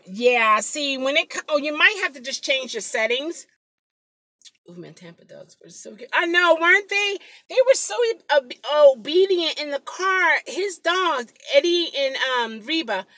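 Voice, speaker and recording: A woman's voice: high voice, no room sound. A woman rideshare driver chatting casually on a live stream from her car into a phone, telling stories with lots of exclamations. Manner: chatty, animated storytelling with frequent exclamations. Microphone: phone mic.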